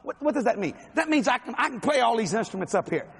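A man's voice: very high-pitched, expressive, fast talker, creaky, fairly bright tone, breathy edge. A man with a Cajun accent preaching a folksy, joking sermon in a large hall. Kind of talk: sermon with humor and jokes.

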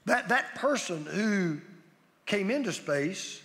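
A middle-aged man preaching, his voice bright and pitched high as he hammers each point with emphatic repetition. The sound carries a long reverb like a big hall. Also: animated, slow pace. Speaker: pastor. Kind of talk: sermon.

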